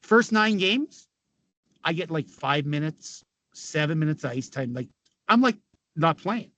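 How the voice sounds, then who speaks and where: A man's voice: a little high, expressive, unhurried, fairly bright tone, muffled recording. A man in his fifties with a Canadian accent, a former hockey player telling stories in a casual chat, often swearing, laughing and acting out what others said. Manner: swearing, laughing, acts out quotes. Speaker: podcast guest, former pro hockey player. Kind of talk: casual storytelling.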